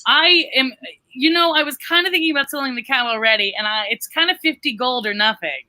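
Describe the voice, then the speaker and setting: A woman's voice: sits high, a little fast, bright, forceful tone, no room sound, low-quality recording. A woman playing in a tabletop game, talking in a chatty, playful way with lots of fillers. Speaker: player. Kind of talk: casual tabletop game chat.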